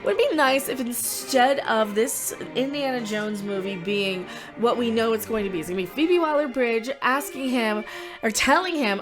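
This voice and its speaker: A woman's voice: on the high side, normal speed, a bit bright. A woman hosting a commentary vlog, ranting in a sarcastic, theatrical way. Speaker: commentary channel host. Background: background music.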